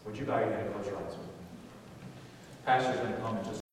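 A middle-aged male preacher telling a story in a sermon, swinging from quiet asides to loud excitement, recorded from far off in a large church hall. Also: lowish voice, quick pace, noisy background.

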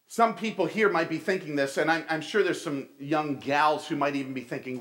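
A man's voice: a little high, fairly quick, fairly bright tone. A middle-aged man giving a conversational sermon, telling stories and calling his listeners folks. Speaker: pastor.

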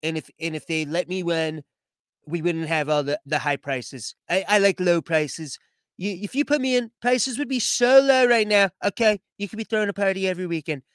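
A man's voice: sits high, moderate pace, fairly bright tone, clean tone, no room sound, clean studio sound. A man putting on an impression of a brash older male politician who rambles and keeps tagging "okay?" onto his boasts. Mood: boastful.

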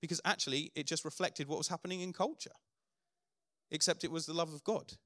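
A man's voice: fairly high pitch, fairly quick, bright, forceful tone, dry recording, studio quality. Man preaching earnestly. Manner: earnest preaching, builds to emphatic declarations. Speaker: pastor. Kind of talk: sermon.

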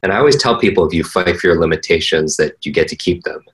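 A man's voice: low-pitched, fast, rough recording. A man, a learning coach, telling a personal story earnestly in conversation, with frequent restarts and fillers. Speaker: interview guest, learning coach.

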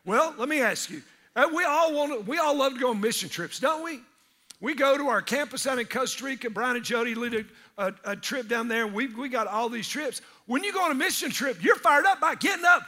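A male pastor, preaching energetically in church and breaking into shouted asides. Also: extremely high pitch, expressive, fairly quick. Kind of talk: sermon.

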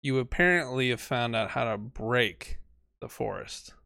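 A man's voice: mid-range voice, animated, unhurried, vocal fry, sharp tone, no echo, studio quality. A man co-hosting a gaming podcast, joking and teasing in casual chat, often trailing off into laughter. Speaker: podcast co-host.

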